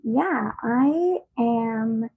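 A woman's voice: a little high, animated, extremely slow, creaky, breathy edge, narrow, tinny audio. A woman calling in to a podcast over a video call, hesitant and full of ums. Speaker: caller.

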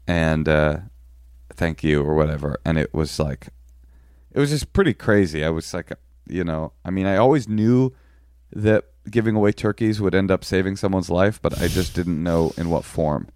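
A man co-hosting a podcast, telling a long story in a rambling, halting way with deadpan jokes. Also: deep voice, clean tone, no echo, clean studio sound. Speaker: podcast co-host. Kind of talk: casual storytelling chat.

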